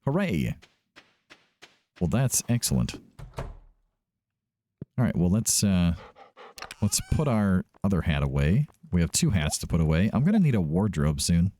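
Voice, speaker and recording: A man's voice: sits low, very animated, normal speed, warm tone, slight background noise. A man hosting a let's play, giving casual gameplay commentary, chatty and thinking aloud as he often corrects himself.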